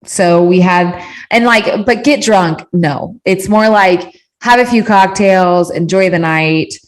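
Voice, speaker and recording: Chatty woman, lowish voice. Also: slow pace. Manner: chatty and candid, swears often, many fillers and restarts. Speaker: podcast host answering listener questions. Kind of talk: casual chat.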